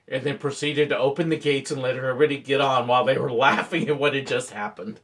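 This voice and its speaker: A man's voice: mid-range voice, quick pace, hardly any pauses. A man, a former theme park ride operator, telling playful stories in vlog-style narration. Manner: playful, animated storyteller.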